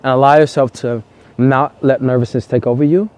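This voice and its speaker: Earnest man with a dark voice, coaching. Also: medium pitch, steady tone, a little fast. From United States. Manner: earnest, repetitive coaching with casual swearing. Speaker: dating coach. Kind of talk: motivational vlog monologue. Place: outdoors in the cold.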